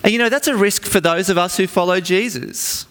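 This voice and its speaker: A man preaching a sermon in an earnest storytelling manner with dramatic pauses. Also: high voice, a bit bright. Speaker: pastor. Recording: long reverb from a large hall.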